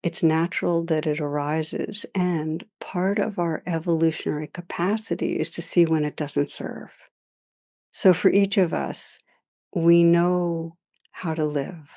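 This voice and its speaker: Slow, low-voiced older woman teacher. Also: fairly even intonation. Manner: gentle, reflective, storytelling with soft laughs. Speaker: meditation teacher. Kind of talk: dharma talk.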